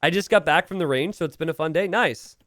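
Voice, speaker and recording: A man's voice: on the high side, quick pace, a bit bright. A young man from Pennsylvania casting a strategy game on a live stream, rambling casually and chatting with viewers. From Pennsylvania, USA. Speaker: game caster.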